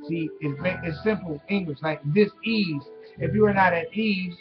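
A man's voice: high-pitched, brisk. A man doing a crude, rambling comic rant to his webcam, laughing at his own jokes. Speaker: webcam vlogger. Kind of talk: casual profane comic rant. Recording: dull lo-fi webcam audio with music behind.

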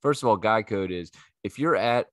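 A man tells a rambling comic story, swearing freely and jumping into quoted voices. His voice sits low, and the recording is dry and close. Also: animated, moderate pace, no room sound. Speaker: comedian host.

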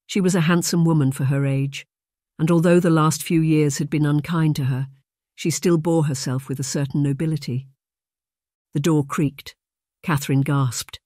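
A man narrating an audiobook in a steady, measured reading. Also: on the high side, dry recording, clean studio sound.

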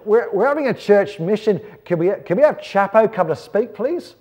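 A man's voice: sits high, lively intonation, normal speed, darkish tone, breathy edge, pitched above the performer's own voice. An Englishman voicing an eager male Australian church caller with a put-on Australian accent, stammering and pleading.

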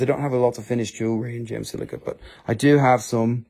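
A man's voice: steady tone, a little fast, a little mellow. Male live-stream seller, casual and profane, rambling and jokey. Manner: rambling, profane, joking, with high-pitched mock quotes. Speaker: host of a live crystal sales stream.

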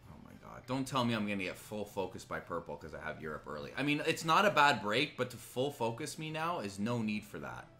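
A man streaming a strategy game live, ranting angrily with heavy swearing, swinging between loud outbursts and low muttering. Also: sing-song, a little fast, hardly any pauses, faint music behind. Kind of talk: live gaming commentary.

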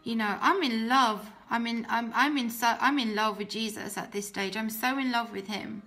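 A woman's voice: on the high side, fairly even intonation, moderate pace, bright, forceful tone, soft background music. A young woman tells her personal faith testimony in an earnest, heartfelt way, often restarting her sentences.

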